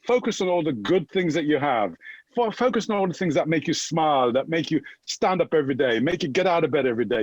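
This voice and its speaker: There's no room sound on this lo-fi recording of a man with a fairly high voice and a Jamaican accent. He's from Jamaica and appears as an energetic, upbeat fitness guest in a motivational chat, often finishing his points with "right?".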